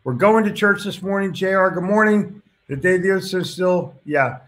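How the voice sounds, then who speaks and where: A man's voice: fairly high pitch, slow pace. A man hosting a casual live stream, reading viewer comments aloud and reacting to them in a blunt, chatty way with casual swearing.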